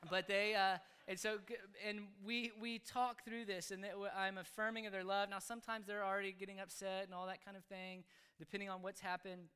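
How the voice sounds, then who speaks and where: Earnest dad explaining his parenting, halting, bright crisp voice. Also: high voice. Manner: earnest, halting, with frequent restarts. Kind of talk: casual spoken explanation.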